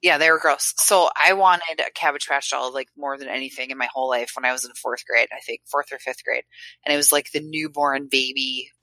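Bright, chatty young woman telling stories. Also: rumbling low, fairly even intonation, dry recording, low-quality recording. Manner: chatty storyteller, quick acted quotes. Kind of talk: casual chat.

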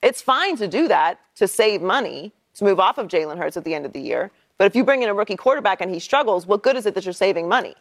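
A woman's voice: medium pitch, sing-song, quick pace, few pauses. A woman co-hosting a sports debate, assertive and argumentative as she makes her case. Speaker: sports talk host.

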